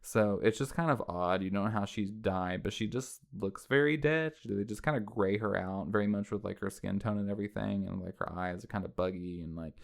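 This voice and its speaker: A man's voice: lowish voice, fairly quick, gravelly, hardly any pauses. A man casually recapping a horror movie scene by scene, rambling and conversational, often checking in with listeners. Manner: rambling, conversational, with frequent "like" and "right?". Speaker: film commentary host.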